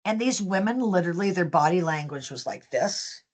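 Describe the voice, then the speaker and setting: A woman's voice: fairly low pitch, moderate pace. A woman, a business founder telling stories as a guest in an interview, acting out the dialogue as she goes. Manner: lively storyteller, acts out quoted dialogue. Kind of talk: storytelling in an interview.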